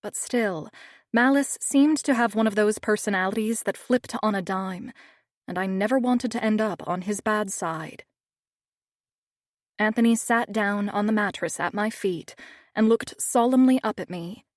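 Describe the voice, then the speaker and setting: A woman narrating a first-person audiobook with steady, measured storytelling. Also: medium pitch, no echo, studio quality.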